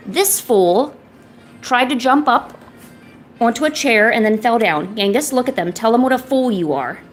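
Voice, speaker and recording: A woman in her thirties, chatting casually on a livestream while she sketches, rambling with lots of filler words and cooing softly to her pet. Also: fairly high pitch, animated, normal speed, faint music behind. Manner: soft, doting talk to her pet. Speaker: artist streamer.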